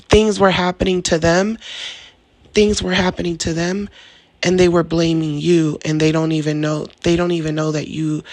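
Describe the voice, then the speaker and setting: A man's voice: a little high, dry recording. A man talking to the camera in a casual, rambling monologue, often restarting his sentences. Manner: rambling, with frequent restarts and acted-out quotes. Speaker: vlogger.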